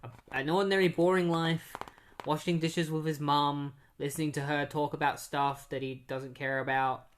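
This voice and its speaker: A man's voice: a little high, flat delivery, normal speed, slight background noise. A man casually recapping comic issues on a podcast, rambling with many fillers and restarts. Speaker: podcast host.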